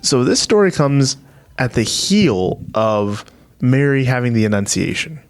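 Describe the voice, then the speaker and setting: Lively man retelling scripture casually. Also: medium pitch, measured pace, clear, resonant tone, soft background music. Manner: storytelling, animated, laughs often, acts out quotes. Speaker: podcast co-host. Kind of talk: casual faith podcast chat.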